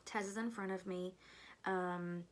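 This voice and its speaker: A woman's voice: fairly low pitch, steady tone, unhurried, a little hiss or hum. A young woman telling a long personal story to her viewers in a chatty, rambling way, with plenty of fillers and asides. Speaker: vlogger. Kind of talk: casual storytelling.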